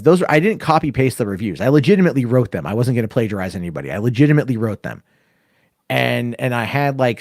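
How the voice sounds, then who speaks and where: A man on a casual podcast spins a rambling, profane story and jumps into the voices of the people in it. His voice sits at an ordinary pitch and sounds close and dry, with no room around it. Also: no echo. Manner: profane, animated storyteller acting out dialogue. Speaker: podcast host.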